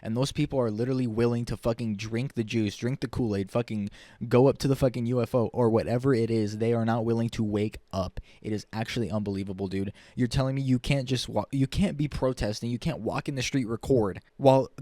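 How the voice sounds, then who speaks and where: A man with an average-pitched voice delivers a furious rant straight to camera. He swears often and repeats himself as the anger builds. The sound is dry, with almost no room echo. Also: fairly even intonation, brisk, mellow. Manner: heated, profane, repetitive. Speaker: vlogger. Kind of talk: angry political rant to camera.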